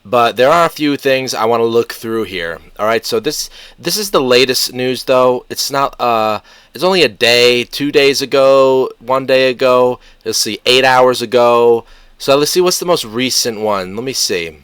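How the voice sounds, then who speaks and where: A man's voice: medium pitch, moderate pace, fairly bright tone, smooth, no echo. A man hosting a casual reaction commentary, rambling through fillers and self-corrections and talking back sarcastically to an article's author. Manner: sarcastic, argumentative, addresses the article's author directly. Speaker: commentary channel host.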